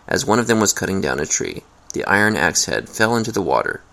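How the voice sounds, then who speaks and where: Deep gravelly man reading scripture. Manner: steady, measured reading. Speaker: scripture reader.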